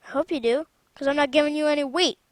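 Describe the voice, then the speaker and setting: A woman's voice: high-pitched, fairly even intonation, fast talker, no echo. A woman giving casual gameplay commentary on her own game mod, rambling and chatty and often stopping to correct herself.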